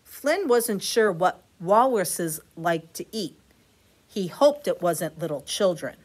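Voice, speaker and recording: A woman reading a bedtime picture book aloud to children, adding gentle, chatty asides. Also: lowish voice, very animated, takes it slowly, breathy edge. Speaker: storyteller, teacher.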